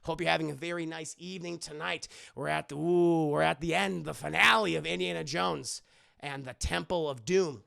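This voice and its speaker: Excitable male streamer, gravelly high voice, profane movie recap. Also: normal speed. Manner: excitable, profane, chatty to chat. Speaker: live-streamer movie reviewer.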